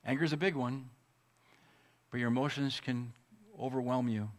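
Male pastor, earnest sermon testimony, emotional with deliberate pauses. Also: medium pitch, steady tone.

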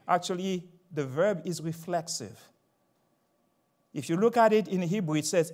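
Older man, sermon, high voice, wide swooping pitch, emphatic. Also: animated, normal speed. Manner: emphatic, swings from soft asides to loud proclamations. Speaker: preacher.

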